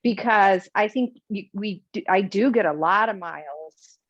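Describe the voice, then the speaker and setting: A woman's voice: mid-range voice, a little slow, no room sound. A woman joins a team call to share how she works, explaining it step by step in a friendly, casual way. The call audio is dull and lo-fi. Her voice sounds dry and close, with no room around it. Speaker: team member sharing tips on a call. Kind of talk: casual group call talk. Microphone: video call.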